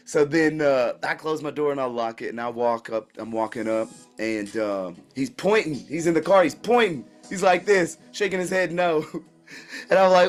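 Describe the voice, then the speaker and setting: A man hosting his own channel tells a story in a casual, animated way, full of slang and remarks aimed straight at his listeners. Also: medium pitch, moderate pace. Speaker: channel host.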